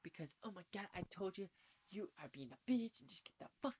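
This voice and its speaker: A man doing an impression of an unhinged male movie star, yelling profanities in a strained, high shout. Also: animated, brisk, husky. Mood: manic rage.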